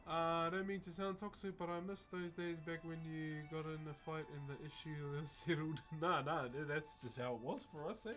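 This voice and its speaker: A man's voice: on the high side, steady tone, a little fast, hardly any pauses, fairly bright tone, faint music behind. Cheeky New Zealand man streaming live. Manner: cheeky, laughs often, chats with viewers. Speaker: live-streaming wood carver. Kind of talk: casual live-stream chat.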